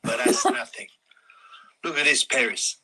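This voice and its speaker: A man voicing a crude, swaggering male boxer in a comedy skit, bragging in a husky voice. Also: medium pitch, expressive, measured pace, sharp tone, exaggerated voice, rough recording. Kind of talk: comedy skit voice in a parody video.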